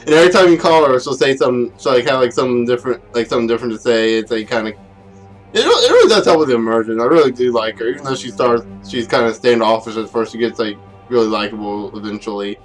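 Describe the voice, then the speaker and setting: Young man, casual game review, rambling, laughs a lot, self-deprecating, mid pitch, faint music behind. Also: expressive, quick pace.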